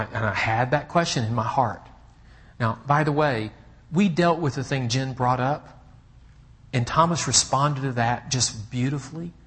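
A man preaching a sermon as a personal story, talking conversationally and checking in with his listeners, with swings from hushed to emphatic. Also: medium pitch. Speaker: pastor.

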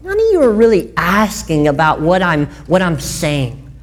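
A woman's voice: lowish voice, moderate pace. A woman preacher giving a conversational sermon and often asking her listeners questions. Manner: animated, chatty, asks listeners questions.

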